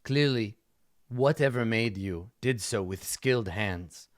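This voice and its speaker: A man doing a calm, courteous craftsman. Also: on the low side, dry recording, clean studio sound. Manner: measured, courteous.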